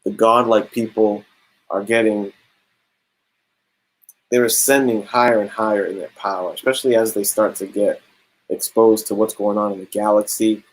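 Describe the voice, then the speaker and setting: A young man talks through a comic book in a loose, slangy review. His voice sits low with a husky edge. He paraphrases the panels in a casual, unhurried way. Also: little pitch movement, poor audio. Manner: laid-back slangy, drops "bro" and "straight up".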